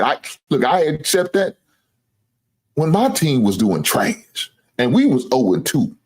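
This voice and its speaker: A man's voice: medium pitch, breathy edge. A man hosting a sports show, ranting casually to viewers, boastful and teasing, swearing freely and laughing at his own jokes. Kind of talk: casual trash-talking sports rant.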